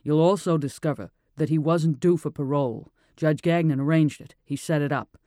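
A man's voice: a little high, normal speed, warm tone, no echo, clean studio sound, lightly acted. A man voicing a hunted male police sniper, talking in an urgent, clipped way.

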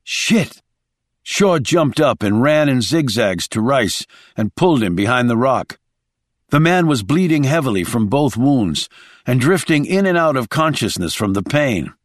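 A man's voice: medium pitch, very animated, moderate pace, no echo, studio quality. A man reading a thriller audiobook in a dramatic storytelling voice. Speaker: audiobook narrator. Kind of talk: scripted thriller narration.

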